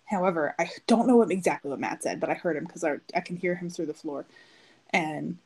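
Woman in her thirties, podcast co-host, gravelly lowish voice with a husky edge, chatty storyteller. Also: brisk, darkish tone, low-quality recording. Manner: chatty storytelling, acts out quotes. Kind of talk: casual chat.

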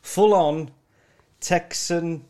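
A man's voice: fairly high pitch, extremely slow, a little mellow. A man with a Black Country accent, co-hosting a podcast and telling a story in casual chat, swearing often and laughing as he talks. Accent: Black Country English. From Black Country, England. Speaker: podcast co-host.

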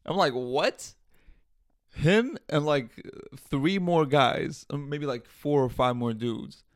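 A man's voice: on the high side, takes it slowly, dry recording, clean studio sound. A man hosting a podcast, telling stories casually with plenty of swearing and bursts of laughter. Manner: profane, animated storytelling with laughs. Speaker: podcast host. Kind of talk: casual storytelling.

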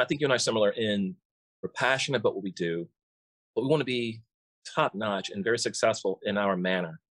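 A man's voice: fairly low pitch, no echo. A man who works as a coach, chatting casually and talkatively, often restarting and repeating words. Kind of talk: casual podcast conversation.

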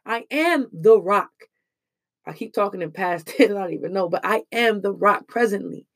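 A woman's voice: medium pitch, lively intonation, normal speed. Earnest slangy woman giving life lessons. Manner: earnest, preachy, slangy and emphatic. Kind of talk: emotional personal monologue.

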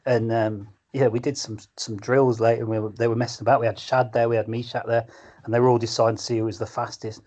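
A man chatting easily with frequent laughs. He has a middle-pitched voice and a friendly, agreeable way of talking. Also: little pitch movement, fast talker, a little mellow. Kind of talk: casual chat.

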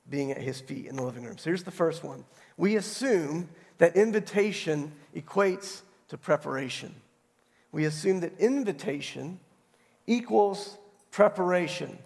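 A man preaching a sermon in a relaxed, conversational storytelling way, his voice hoarse and gravelly from allergies, often checking in with "right?". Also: high voice. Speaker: pastor. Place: church sanctuary. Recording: long hall reverb.

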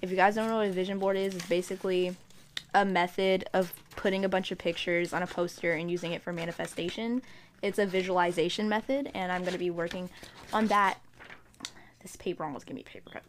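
A woman's voice: on the low side, level tone, quick pace, slight background noise. A woman vlogger talking in a rambling, chatty, self-mocking way. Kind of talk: casual vlog chat.

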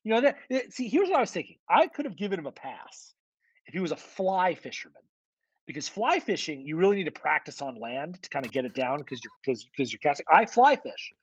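A man from the United States co-hosting a comedy podcast, chatty and quick to laugh as he riffs on tangents. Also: a little high, sing-song, breathy edge, dry recording, low-quality recording. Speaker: podcast co-host. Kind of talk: casual comedic chat.

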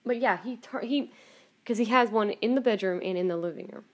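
A woman's voice: medium pitch, a little fast. A woman hosting her own podcast, chatting casually at home, rambling with frequent laughs and some swearing. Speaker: podcast host. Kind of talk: casual personal monologue. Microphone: home recording.

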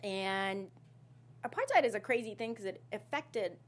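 A young South African woman, an actress appearing as an interview guest, chats casually and laughs often. Her North American speech carries a light South African twang. Her mid-range voice is expressive and moves at a normal speed.

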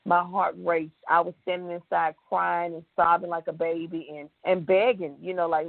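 A woman's voice: on the low side, flat delivery, normal speed, vocal fry, hardly any pauses, dry recording. A woman with a Texan accent, an interview guest, telling her story with feeling and acted-out quotes. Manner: emotional, tells it with acted-out quotes. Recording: tinny phone line.

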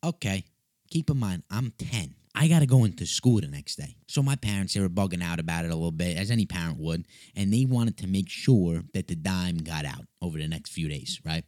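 Man, young adult, deep voice, casual comic storytelling, profane, lots of fillers, dry close sound. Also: expressive, fairly quick, a little mellow, no echo. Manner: loose and profane, with many filler "like"s.

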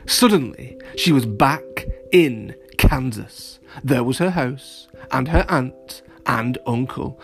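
A man narrating a children's story, animated and playful, speaking straight to young listeners. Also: medium pitch, slow, gravelly, hardly any pauses, faint music behind.

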